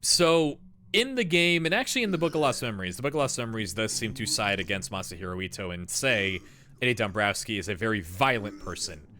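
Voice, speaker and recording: A man's voice: fairly low pitch, animated, brisk, sharp tone. A young man streaming a game live, rambling through lore commentary with lots of fillers and jokey asides.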